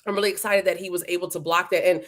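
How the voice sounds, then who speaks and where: A woman's voice: fairly low pitch, steady tone, rapid-fire. A woman hosting a live interview stream, chatting casually and playfully and greeting viewers by name. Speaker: livestream host. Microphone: livestream setup.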